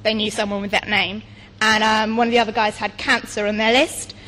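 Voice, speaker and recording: A woman's voice: mid-range voice, little pitch movement, fairly quick, pushed and bright, big-room sound. A woman sharing a testimony story, hesitant with many fillers. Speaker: church member sharing a story.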